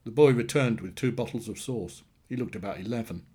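A man narrating a short story in a plain, steady storytelling manner. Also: lowish voice, fairly quick, husky. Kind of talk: scripted narration.

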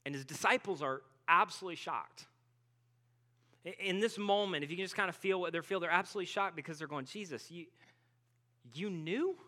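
A man's voice: high-pitched, fast talker. A man preaching a sermon as pastor. He talks casually, peppers his speech with "like," and acts out biblical characters in everyday speech. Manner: casual, animated storytelling with frequent "like".

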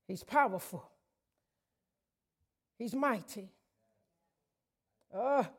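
A woman preaching from the pulpit in a high voice. She sways between quiet, drawn-out phrases and loud, shouted declarations, throwing questions out to the congregation as she goes. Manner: passionate, swings from hushed to shouting; call-and-response questions to the congregation. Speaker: guest preacher. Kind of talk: sermon.

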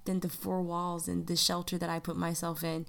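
A woman's voice: fairly low pitch, monotone, normal speed, gravelly. A woman from the United States hosting a podcast, talking in a chatty, upbeat way and calling her listeners "y'all". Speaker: podcast host. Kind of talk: casual podcast monologue.

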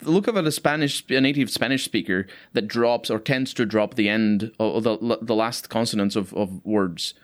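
A man in casual chat, pushing back with halting, restarting sentences. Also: fairly low pitch.

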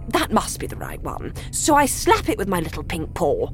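A woman reading a children's story aloud in an animated, gleeful, theatrical way. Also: on the low side, moderate pace, hardly any pauses. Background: music.

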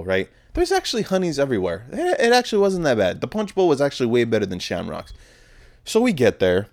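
A young man in his twenties hosting a podcast, telling a rambling, profane, self-deprecating story about a night out. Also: on the low side. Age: 20s. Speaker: podcast host. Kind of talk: casual storytelling monologue.

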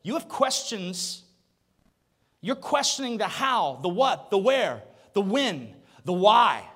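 A male pastor preaching a sermon, animated, firing rhetorical questions and swelling to a shout. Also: high-pitched, slow pace, long reverb tail.

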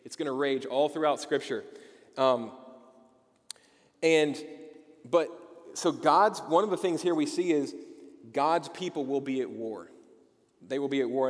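Emphatic male pastor in a reverberant hall. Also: mid-range voice. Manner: emphatic, asks the congregation rhetorical questions, frequent "okay?". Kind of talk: sermon.

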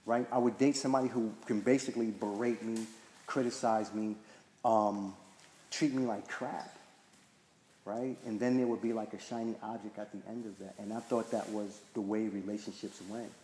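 A man's voice: on the low side, fairly even intonation, moderate pace, mellow. A man telling a personal story at a recovery meeting in a casual, chatty way, often asking "right?" and filling with "like". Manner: conversational, frequent "right?" and "like" fillers. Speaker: speaker sharing at a recovery meeting. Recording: echoey hall with faint noise.

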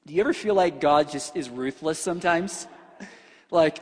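A man preaching a sermon in a church hall, animated and conversational, often filling with "like". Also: a little high, moderate pace, husky. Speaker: pastor. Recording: long reverb from a large hall.

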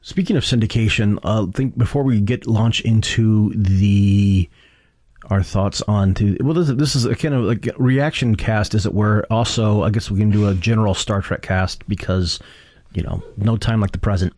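A man hosting a podcast in casual chat, halting and often restarting his sentences. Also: fairly low pitch, darkish tone, no room sound, studio quality. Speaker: podcast host.

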